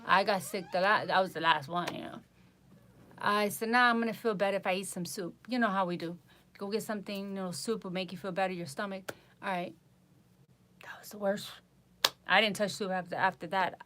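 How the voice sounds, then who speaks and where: A woman vlogger telling a personal story in a casual, exasperated way, with animated retelling. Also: mid-range voice, a little hiss or hum.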